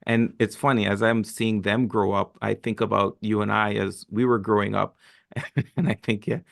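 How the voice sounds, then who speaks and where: A man's voice: on the low side, little pitch movement, moderate pace, vocal fry, fairly bright tone. A man co-hosting a family podcast, talking reflectively and thinking aloud. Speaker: podcast co-host. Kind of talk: casual chat.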